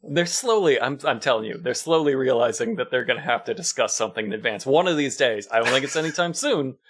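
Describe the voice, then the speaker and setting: Podcast guy chatting, wry and amused, laughs a lot, mid-pitched voice. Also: expressive, fast, a bit bright. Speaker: podcast co-host. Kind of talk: casual chat.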